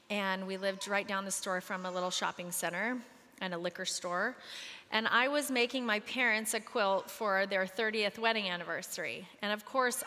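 A woman gives a devotional talk to a group of mothers, sharing a personal story with heartfelt earnestness and closing in prayer. Her voice is bright and clear. She is speaking in a large hall, and a long reverb trails after her words. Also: medium pitch.

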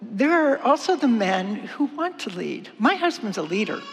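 An older woman giving a church talk, teaching and acting out scenes in a lively, dramatizing way. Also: on the high side, normal speed, vocal fry. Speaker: church speaker. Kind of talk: teaching talk with acted-out skit. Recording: long reverb of a large hall.

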